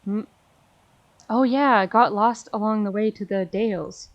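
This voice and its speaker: A woman's voice: medium pitch, unhurried, dull audio, close to an everyday voice. A woman reading a sleepy, grumbling lost boy.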